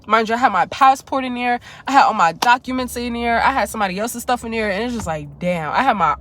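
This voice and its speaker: A woman's voice: on the high side, fast, a bit bright. A young woman vlogging a casual storytime, talking candidly and emotionally straight to her viewers and swearing freely.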